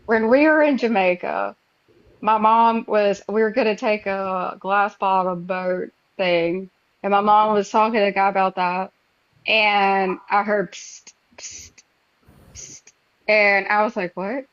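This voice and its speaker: A middle-aged woman hosting a podcast, telling stories in a casual, animated way and acting out her own past reactions. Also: medium pitch, a little slow, no echo. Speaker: podcast host. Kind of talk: casual chat. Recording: dull, dry lo-fi sound.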